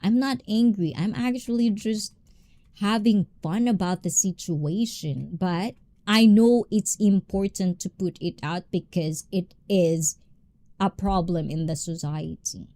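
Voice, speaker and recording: A woman hosting a live stream, chatting with viewers in an animated, passionate way and switching between English and Tagalog. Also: medium pitch, unhurried. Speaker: livestream host.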